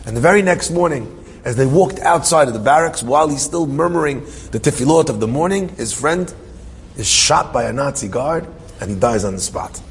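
A man's voice: medium pitch, expressive, a little fast, a little hiss or hum. A man telling a dramatic story as a sermon, emotional and full of restarts and repeated phrases. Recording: reverberant hall with faint ambience.

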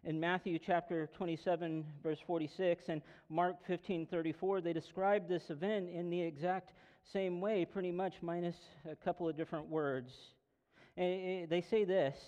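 A man's voice: high voice, steady tone, normal speed, darkish tone. A man preaching as pastor, earnest, reading scripture aloud with feeling. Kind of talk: sermon. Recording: dull lo-fi sound with long hall reverb.

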